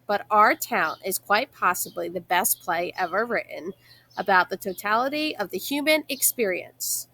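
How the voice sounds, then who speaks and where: A woman's voice: mid-range voice, animated, normal speed, pushed and bright. A woman reading aloud and voicing an eager, exasperated mother who teaches drama, in a raised, insistent tone. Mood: lecturing.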